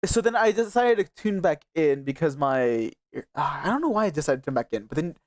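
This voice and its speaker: A woman tells a story in a casual stream chat and teases her friend, laughing as she goes. Her pitch swings widely from low to high. The sound is dry and close, with no room echo. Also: big pitch swings, fairly quick, darkish tone. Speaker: stream co-host.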